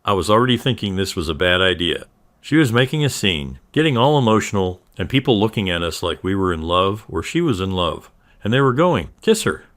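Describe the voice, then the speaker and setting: Low-voiced man reading a story. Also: very animated, a little fast, fairly bright tone. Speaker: story narrator. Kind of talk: scripted first-person narration.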